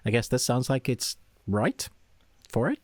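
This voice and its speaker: A man's voice: medium pitch, expressive, a little slow, darkish tone, no room sound. Easygoing man, dry sound. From United Kingdom. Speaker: co-host. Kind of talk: casual podcast chat.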